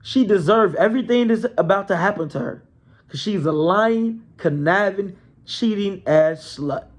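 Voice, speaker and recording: A storyteller doing a vengeful jilted fiancé, stern and menacing. The voice sits slightly high and the words come slowly and deliberately. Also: male voice. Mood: cold. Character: cold vengeful jilted fiancé, young man.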